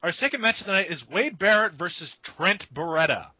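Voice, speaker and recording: A man co-hosting a podcast in casual chat, griping with animated exasperation. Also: sits high, fairly quick, slightly rough, no echo. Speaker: podcast co-host. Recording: dull, dry lo-fi audio.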